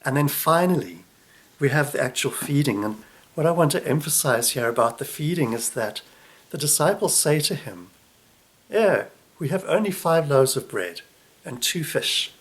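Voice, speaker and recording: A man delivering a reflective sermon, unhurried, often dropping soft and low at the ends of phrases. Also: animated. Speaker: preacher.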